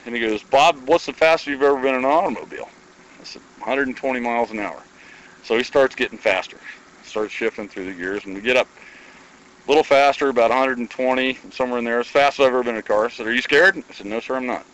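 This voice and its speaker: A man from Iowa spins a long anecdote in a relaxed, folksy way, jumping into the voices of the people in his story. His voice sits in an ordinary, mid-range pitch for a man. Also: fast talker, lo-fi sound. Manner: folksy, animated storytelling with quoted dialogue. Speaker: guest storyteller. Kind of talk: casual anecdote telling.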